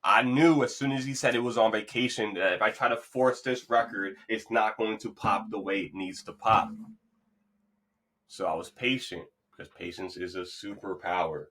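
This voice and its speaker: Bright-voiced upbeat male podcast host. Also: lowish voice, moderate pace. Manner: loose, rambling, upbeat and encouraging. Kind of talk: casual motivational monologue. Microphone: podcast mic.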